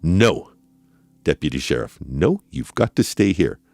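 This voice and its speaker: A man voicing a weary, patient judge who speaks calmly and deadpan, in a dramatic reading of a trial transcript. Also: unhurried, creaky, no echo, full character voice. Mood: stern. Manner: calm, deadpan, low-key.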